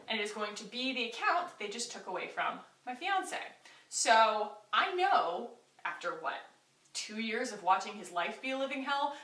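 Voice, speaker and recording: Bright-voiced young woman telling a story. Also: a little high. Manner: candid, animated storytelling with many fillers. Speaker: beauty vlogger. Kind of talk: story time vlog. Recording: echoey room, voice a bit far from mic.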